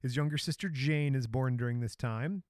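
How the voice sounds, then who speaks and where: A man's voice: medium pitch, moderate pace, a little mellow, no room sound, clean studio sound. A man from Michigan co-hosting a podcast, telling a story in a casual, joking way. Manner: joking, storytelling, laughs often. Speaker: podcast co-host.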